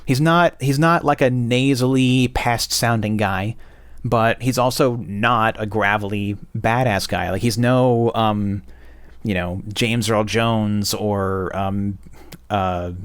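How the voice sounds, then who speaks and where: A man's voice: fairly low pitch, no echo. A young man hosting a casual game review, blunt and profane, with many fillers. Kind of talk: casual opinionated monologue.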